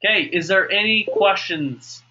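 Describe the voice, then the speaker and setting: A man's voice: sits high, unhurried, bright, forceful tone. A man coaching a webinar group on fitness and mindset, upbeat, often checking for questions. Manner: upbeat, repeats okay and asks for questions. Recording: muffled lo-fi webinar audio.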